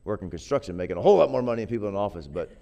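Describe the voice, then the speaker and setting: Man, preacher, sermon, smooth resonant voice, casual, repeats himself, builds to emphatic peaks. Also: on the low side, sing-song, very fast, dark tone, lo-fi sound. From grew up poor.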